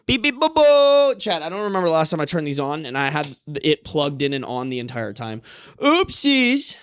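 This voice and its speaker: A man's voice: on the high side, fast, clear, resonant tone, dry recording, clean studio sound. A man streaming live from home, chatting casually and cooing in playful baby talk to his cat, swearing freely. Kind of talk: casual livestream chat.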